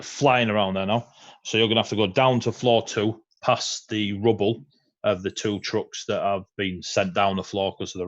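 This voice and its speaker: A man narrating a tabletop game as game master, relaxed and chatty, with frequent ums and laughs. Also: fairly low pitch, dull audio. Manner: relaxed, laughing often, many ums and uhs.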